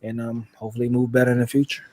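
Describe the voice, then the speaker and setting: A man's voice: mid-range voice, monotone, very fast, mellow, no room sound. A man guesting on a casual commentary show, talking in a slangy, easygoing way.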